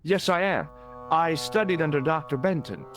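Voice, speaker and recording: An actor playing a wry young American tourist with an American accent, dry and wisecracking. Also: male voice, fairly high pitch, lively intonation, moderate pace, music in the background, lightly acted.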